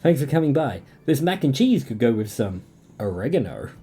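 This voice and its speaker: A man's voice: medium pitch, very animated, moderate pace, warm tone, husky. A young Australian man streaming a dating game, reading its lines aloud and chatting between them. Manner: reads game dialogue in a plain voice, breaks off to chat and laugh.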